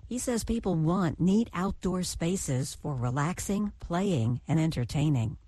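A woman's voice: fairly low pitch, lively intonation, a little slow, mellow, slightly rough, no room sound. A woman correspondent delivering a scripted news feature in a conversational tone with playful questions.

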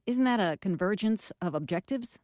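A female news anchor introduces her segments smoothly and precisely. The studio recording is dry and close. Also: mid-range voice, expressive, normal speed, a little mellow, no echo. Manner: polished, scripted. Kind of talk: news presenting.

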